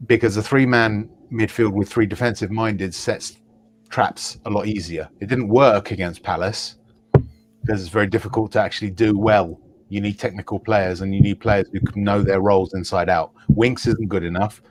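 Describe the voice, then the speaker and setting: Guy explaining football tactics kinda lecture-y, deepish voice, keeps going "right?". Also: steady tone, normal speed, a little hiss or hum. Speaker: podcast panelist. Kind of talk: football analysis.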